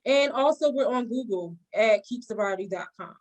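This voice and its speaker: Earnest high-voiced woman guest. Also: expressive, normal speed, darkish tone, rough recording. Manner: earnest, explanatory. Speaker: nurse and co-founder of a recovery clinic, guest. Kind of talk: interview answers.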